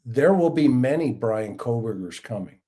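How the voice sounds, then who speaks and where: A man's voice: mid-range voice, expressive, moderate pace, dark tone. A middle-aged man hosting a livestream panel chat, telling stories with enthusiasm and emphasis over a video call. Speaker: host.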